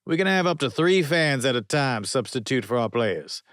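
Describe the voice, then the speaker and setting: A man's voice: mid-range voice, animated, normal speed, fairly bright tone, no room sound, clean studio sound, voice pushed up, lightly acted. A man voicing a hearty male small-town coach explaining the rules matter-of-factly.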